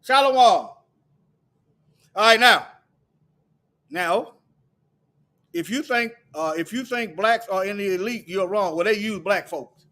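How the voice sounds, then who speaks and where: A man delivering a heated, preachy monologue to his viewers, firing off repeated rhetorical questions and sometimes shouting. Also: high voice, slow, long pauses. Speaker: video commentator.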